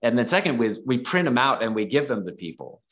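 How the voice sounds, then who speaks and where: A man's voice: mid-range voice, sing-song, fast talker, a bit bright. A man telling a personal story in a casual, earnest way, rambling and full of "like" fillers. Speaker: guest, photographer and nonprofit founder.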